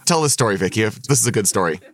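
A man's voice: lowish voice, lively intonation, rapid-fire, no echo. A man hosting a podcast, prompting his guests with a dry, wry manner. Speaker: podcast host. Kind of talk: casual podcast chat.

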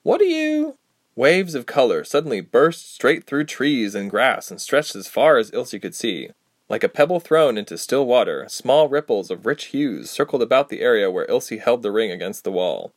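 Expressive man narrating a storybook. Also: medium pitch, moderate pace, no room sound, studio quality. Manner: expressive, acts out each character.

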